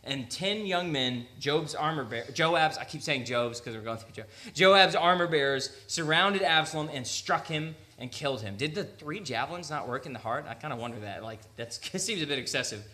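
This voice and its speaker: A man's voice: on the high side, lively intonation, normal speed, few pauses, sharp tone. A young man preaching a sermon in church, reading scripture and breaking into casual, joking asides and acted-out quotes. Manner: conversational, joking asides, acts out quotes in voices. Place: church sanctuary.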